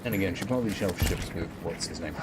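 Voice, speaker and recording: A man's voice: deep voice, fast talker, heavy background noise. A young British man streaming a game, chatting casually with friends and bursting into laughter.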